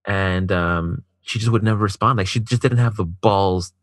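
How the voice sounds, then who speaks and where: A man's voice: fairly low pitch, moderate pace, dry recording. A man telling a personal story in casual chat, swearing a lot, filling his speech with "like", and acting out what others said. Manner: profane, heavy use of filler "like"; acts out quoted dialogue.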